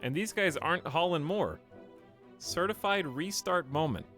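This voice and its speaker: A man's voice: fairly high pitch, animated, unhurried, a bit bright, soft background music. A man streaming a game live, rambling casually to his chat as he plays. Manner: rambling, talks to chat while playing.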